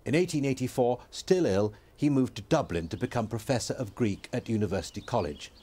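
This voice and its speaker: A man's voice: mid-range voice, animated, brisk, warm tone, slight background noise. A man narrating a documentary script with a storytelling delivery.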